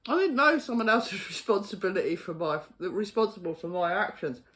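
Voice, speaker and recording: A woman's voice: mid-range voice, big pitch swings, brisk, fairly bright tone. A woman ranting to camera in a casual vlog, exasperated and sweary, often laughing in disbelief. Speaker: vlogger.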